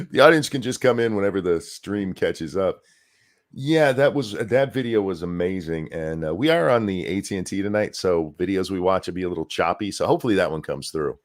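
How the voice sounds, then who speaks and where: A man's voice: low-pitched, lively intonation, fairly quick. A man hosting a casual podcast, telling stories in a laid-back way and swearing freely. He is sore and short on sleep. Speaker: podcast host. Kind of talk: casual chat.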